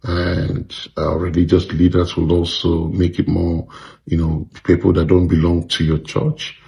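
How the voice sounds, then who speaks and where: Deep gravelly man giving his view. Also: level tone, warm tone. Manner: measured, reflective, many fillers. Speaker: commentator sharing opinion. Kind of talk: casual spoken opinion.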